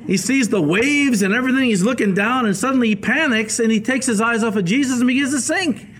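A male pastor giving a radio Bible teaching sermon, telling the stories in a lively way and acting out the quoted voices. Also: very high-pitched, fast talker, slight background noise. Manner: animated storytelling, acts out quoted voices.

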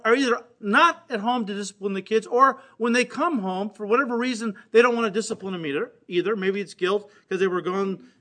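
A man with a high voice preaches a sermon earnestly, building up to emphatic points and then falling into grave, quiet passages.

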